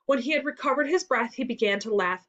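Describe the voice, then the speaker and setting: A woman reading a classic story aloud in an expressive storytelling manner for a school reading lesson. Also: high voice, quick pace. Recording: dull lo-fi recording.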